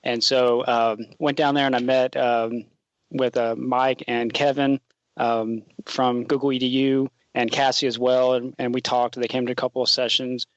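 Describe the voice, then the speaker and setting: A man of middle pitch tells a story in a relaxed, loose way, with plenty of "like" and "um". The room is dry and the sound is a little dull and lo-fi. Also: moderate pace, no echo. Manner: relaxed, filler-heavy telling with many "like"s and "um"s. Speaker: teacher advisor of a student tech team. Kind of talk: casual storytelling in an interview.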